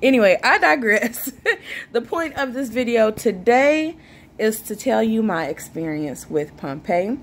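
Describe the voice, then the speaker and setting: A vlogger in her twenties speaks to camera in a casual, joking chat with her viewers, pausing to sip a drink. She sounds a little high-pitched, animated yet unhurried, over a slight hiss or hum.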